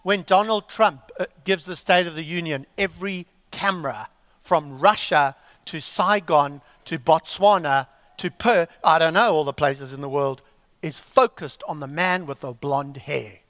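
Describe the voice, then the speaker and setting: A man preaching a sermon, emphatic and full of rhetorical questions and dramatic pauses. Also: a little high, a bit bright, dry recording. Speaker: pastor.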